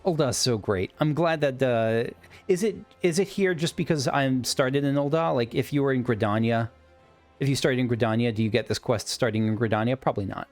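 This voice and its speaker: A let's play host chats casually while gaming, his mid-range voice a little fast and slightly mellow, with faint music in the background. He's enthusiastic and rambling, frequently cutting himself off mid-sentence.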